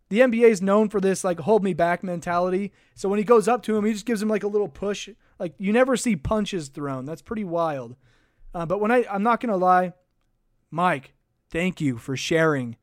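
Young male sports podcaster, high voice, dry close mic, chatty and rambling. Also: no echo. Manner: rambling, chatty, thanks viewers. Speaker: podcast host. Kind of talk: casual sports podcast livestream. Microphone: desk microphone.

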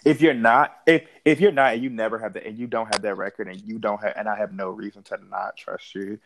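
A man's voice: lowish voice, steady tone, fast talker, gravelly, a little hiss or hum, poor audio. A man in his thirties, a little drunk, talking casually with many restarts and laughs. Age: 30s. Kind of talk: casual chat.

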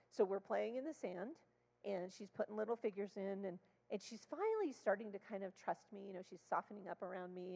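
A woman speaking in church as a child therapist, telling a story with animated acted-out dialogue. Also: medium pitch, creaky. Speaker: child therapist sharing testimony. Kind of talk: storytelling sermon. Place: church sanctuary. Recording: long hall reverb.

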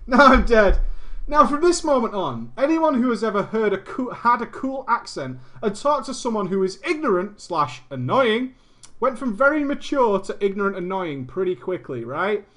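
A man's voice: high voice, very animated, normal speed, fairly bright tone. A man streaming, reading a viewer's story aloud with crude, swearing, jokey asides.

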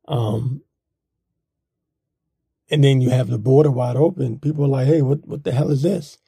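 Blunt, gravelly-voiced man ranting. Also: mid-range voice, mellow, no echo, clean studio sound. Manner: blunt, rambling, mocking. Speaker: political commentator. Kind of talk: casual opinion monologue.

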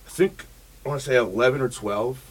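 A man's voice: mid-range voice, fairly quick, husky. A man speaking in a casual group chat as the guest, rambling through a story with lots of fillers.

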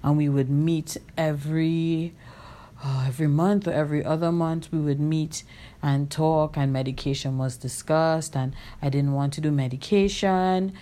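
Woman podcaster, low soft voice, candid and reflective, lots of ums and restarts. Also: steady tone, normal speed. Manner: candid and reflective, with many fillers and self-corrections. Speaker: podcast host. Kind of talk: personal storytelling monologue.

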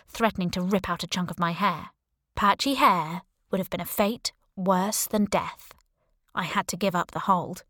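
Female audiobook narrator, lower register, wry sarcastic first-person read, dead-dry booth sound. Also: no room sound.

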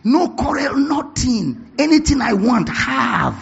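A man's voice: extremely high pitch, big pitch swings, slow, gravelly, muffled recording, background noise, voice pushed up, exaggerated voice. A man voicing an exasperated husband who complains to a friend in a raised, incredulous voice.

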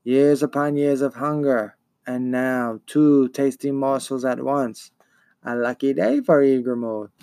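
A man voicing a greedy female monster made of a buzzing insect swarm, in a slow, hoarse, menacing storybook voice. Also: steady tone, darkish tone, dry recording, natural voice. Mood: hungry. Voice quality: high and slightly hoarse, buzzing.

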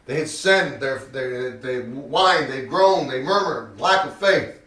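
A man preaching a sermon and reading scripture, with emphatic rhetorical questions, swinging between loud and hushed. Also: mid-range voice, lively intonation, takes it slowly. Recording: echoey room, mic at a distance.

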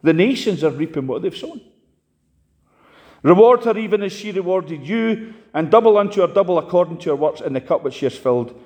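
A man preaching a sermon, impassioned, swinging sharply between loud and quiet. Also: expressive, a little fast. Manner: impassioned, rises and drops sharply in pitch and volume. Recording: long hall reverb.

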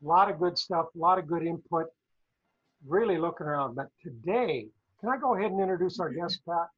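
A man's voice: a little high, lively intonation, brisk, breathy edge. A man co-hosting a business talk show, chatty, rambling and playful. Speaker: co-host, former professor. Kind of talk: casual talk-show chat. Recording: dull lo-fi audio.

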